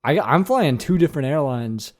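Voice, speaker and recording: A man's voice: fairly high pitch, animated, normal speed. A man co-hosting a podcast in casual chat, defensive and prone to stammering restarts. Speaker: podcast co-host.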